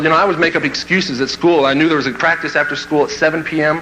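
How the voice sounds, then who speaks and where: Lively, bright-voiced male storyteller. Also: a little high, racing, few pauses, a little hiss or hum, low-quality recording. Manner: animated, acts out quoted voices and laughs at his own story. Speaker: motivational speaker. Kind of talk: humorous personal storytelling to an audience.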